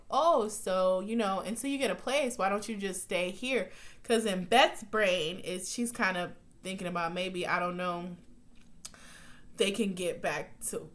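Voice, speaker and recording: A woman's voice: medium pitch, fairly bright tone. A woman talking through a TV episode recap in a casual, chatty way, blunt and full of swearing, with many fillers and restarts, her voice jumping up when she gets worked up. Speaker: TV recap reviewer.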